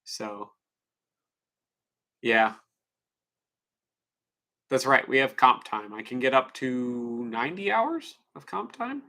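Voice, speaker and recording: Male streamer, bright tense tone, loose profane rambling talk to his viewers. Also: medium pitch, animated, takes it slowly, pauses often. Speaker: livestreamer. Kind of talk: casual livestream chat.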